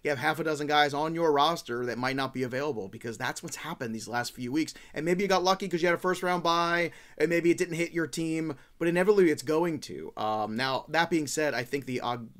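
A man hosting a casual fantasy football podcast chat, brisk and teasing his co-hosts. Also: a little high, fairly bright tone. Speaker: podcast host.

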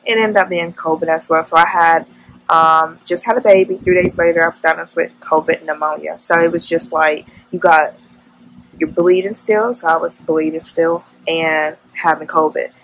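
A woman's voice: low-pitched, steady tone, moderate pace, fairly bright tone, rough recording. A young woman vlogging at home, telling an emotional, faith-filled story in casual chat.

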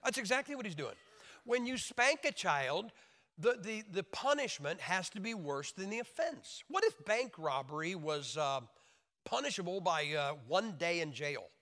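A man preaching a sermon in an emphatic, joking way, now and then mimicking wailing babies with high shouts. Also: big pitch swings, normal speed. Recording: long hall reverb.

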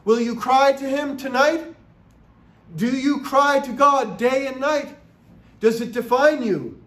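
A man with a high voice preaches to his congregation in a slow, deliberate cadence. He is earnest and emphatic, leaning on rhetorical questions. The sound rings in a roomy church sanctuary. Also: fairly bright tone. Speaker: pastor. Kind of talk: sermon.

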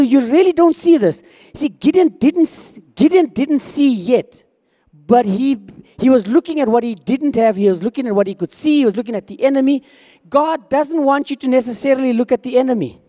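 High-voiced man preaching in a hall. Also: warm tone. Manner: conversational preaching, acting out quoted dialogue. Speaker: pastor. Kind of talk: sermon.

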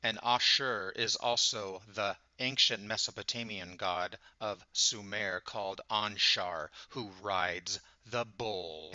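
Male host, measured lecturer; slow delivery, dull lo-fi sound. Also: lowish voice, sharp tone, dry recording. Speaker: channel host. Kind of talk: explanatory monologue on word origins. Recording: dull lo-fi recording.

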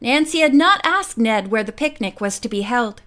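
A woman narrating a girls' mystery audiobook in a measured, quiet storytelling manner. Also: a little high, lively intonation. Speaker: audiobook reader. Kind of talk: scripted narration.

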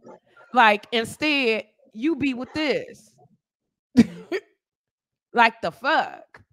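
Brief: woman host, higher voice, unhurried, casual slang-heavy livestream banter. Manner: greets viewers by name, trash-talking. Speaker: podcast host.

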